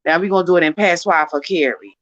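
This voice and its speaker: A woman in a casual chat, eagerly repeating phrases and playfully pushing her friend to slow down. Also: on the low side, a bit bright, dry recording, lo-fi sound. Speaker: co-host learning phrases.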